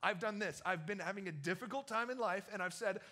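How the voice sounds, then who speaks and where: Bright-voiced young male youth pastor. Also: high voice, fairly quick, hardly any pauses. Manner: casual, slangy storytelling that acts out quotes. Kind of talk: sermon.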